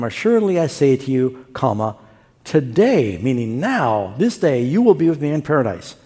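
A man preaching a sermon with a mellow, relaxed tone, acting out the quotes and stories he tells in an animated way. His voice rings with the long reverb of a large hall, as if heard in a church sanctuary. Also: medium pitch. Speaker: pastor.

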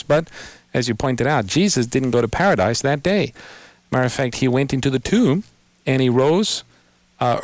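A man hosting a call-in radio Bible program, patiently explaining scripture and slowing down to quote verses. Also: medium pitch, no echo. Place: radio studio.

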